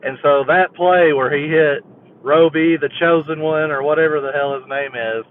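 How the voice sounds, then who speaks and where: A man's voice: a little high, fairly even intonation, normal speed, a little hiss or hum. Male caller on a tinny phone line. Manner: rambling, laughing storyteller. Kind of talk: phone-in chat.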